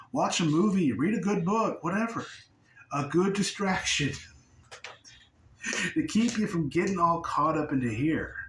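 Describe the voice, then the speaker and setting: A man's voice: fairly high pitch, a little hiss or hum. A man giving a casual spiritual talk, swearing freely and laughing often as he explains. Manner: profane, laughing, conversational. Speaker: spiritual teacher. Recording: roomy sound from a distance.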